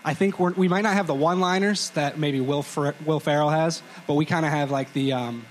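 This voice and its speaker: A man's voice: a little high, brisk, slight background noise, rough recording. A young man co-hosting a live podcast show, telling a childhood story with joking asides and careful scene-setting. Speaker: podcast co-host. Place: live stage before a crowd.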